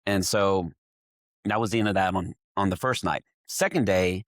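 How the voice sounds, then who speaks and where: A man from Texas, a winemaker guest on a podcast, telling a story in steady detail. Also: low-pitched, moderate pace, no room sound, studio quality. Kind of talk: casual chat.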